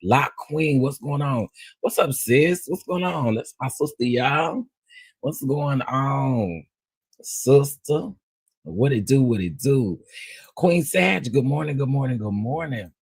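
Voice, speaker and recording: Husky-voiced man greeting livestream viewers. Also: mid-range voice, slow, no echo. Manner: animated, greets viewers one by one, playful. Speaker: livestream host. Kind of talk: casual livestream chat.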